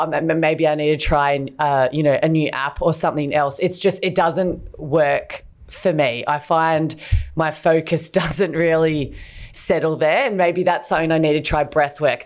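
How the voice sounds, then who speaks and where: A woman with a low voice co-hosts a podcast in easy, casual chat. She talks candidly and rambles a little, with fillers and restarts along the way. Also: moderate pace. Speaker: podcast co-host.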